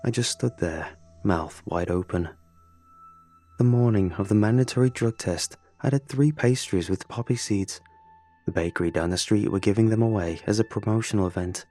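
Husky-voiced man narrating a horror story. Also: on the low side, dark tone.

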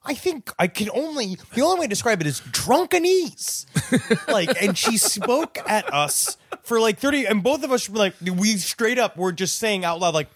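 A man's voice: high voice, expressive, normal speed, fairly bright tone. A man co-hosting a casual comedy chat, joking and self-deprecating. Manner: jokey, self-deprecating, bursts into put-on voices. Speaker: podcast co-host. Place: traveling abroad.

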